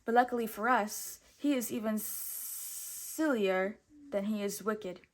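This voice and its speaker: A woman voicing a bold, clever young male outlaw hero in a storybook read-aloud, quick and eager. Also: mid-range voice, lightly acted. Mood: explaining.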